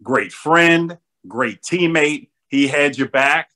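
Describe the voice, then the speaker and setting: A man hosting a casual interview, friendly and quick to laugh, saying "man" a lot. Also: fairly high pitch, pushed and bright. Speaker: podcast host, former college football player.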